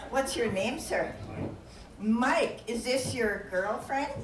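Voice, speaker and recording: Onstage at a live show venue, a comic performer with a Minnesotan accent teases the audience with a folksy laugh and breaks into bursts of song. Her voice is a little high and she takes it slowly. Heard from far off in an echoey room, it plays over a noisy crowd, heavy background noise and live music.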